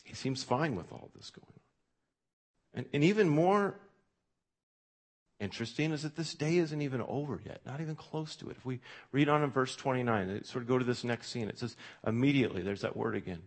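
A man's voice: mid-range voice, brisk. A male pastor preaching a sermon in a conversational way, with frequent fillers and restarts, reading scripture aloud with extra emphasis.

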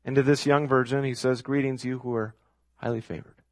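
A male pastor delivers a sermon with an emphatic, repetitive cadence. His voice sits at an ordinary pitch, recorded close and dry with no room sound. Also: level tone, fairly quick, no echo. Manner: emphatic, repeats key phrases for effect.

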